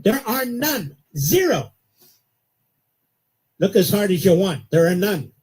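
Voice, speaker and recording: A man's voice: high voice, sing-song, slow, darkish tone, breathy edge. An older man hosting a talk radio show, delivering an indignant, sarcastic monologue.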